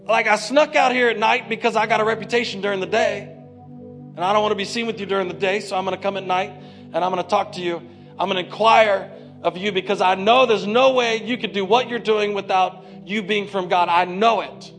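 A man preaching a sermon as pastor, retelling scripture in a lively, conversational way with slang. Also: high voice, a little fast, faint music behind.

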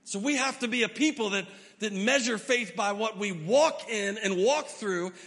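Middle-aged male preacher, high bright voice, emphatic delivery, reverberant church hall. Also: normal speed. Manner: emphatic, swings from loud to hushed. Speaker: pastor. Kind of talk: sermon.

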